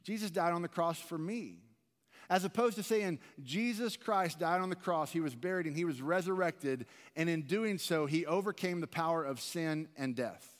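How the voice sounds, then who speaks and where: Male pastor, earnest chatty sermon delivery, slightly high voice, long church-hall reverb. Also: moderate pace. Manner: earnest, conversational preaching with repeated restarts. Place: large church sanctuary.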